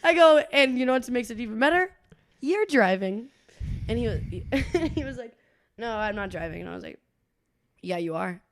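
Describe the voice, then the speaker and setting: A woman's voice: a little high, normal speed. A young woman co-hosting a podcast in casual chat, telling stories with lots of acted-out quotes and frequent laughter. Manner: animated storytelling, acts out quotes, laughs often. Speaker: podcast co-host.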